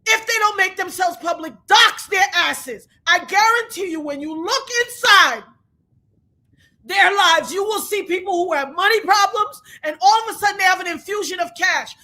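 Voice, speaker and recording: A woman livestream host in an angry rant, shouting, repeating herself and near tears with rage. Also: very high-pitched, moderate pace. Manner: furious, shouting, repetitive.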